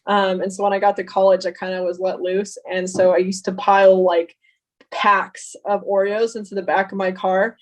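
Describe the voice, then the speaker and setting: A woman's voice: medium pitch, flat delivery, moderate pace. A woman guest in a casual podcast interview, talking earnestly and at length. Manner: earnest, talkative.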